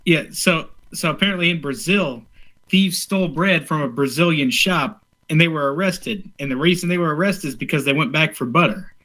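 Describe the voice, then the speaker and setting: A man's voice: on the high side, normal speed, bright, forceful tone. A man co-hosting a podcast in casual chat, easygoing and agreeable as he reads out odd news. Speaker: podcast co-host.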